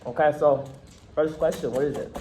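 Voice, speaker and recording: Male vlogger, mellow laid-back voice, slangy, talks while eating; faint background noise. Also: a little high, steady tone, moderate pace, low-quality recording. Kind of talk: casual mukbang chat. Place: restaurant in Turkey.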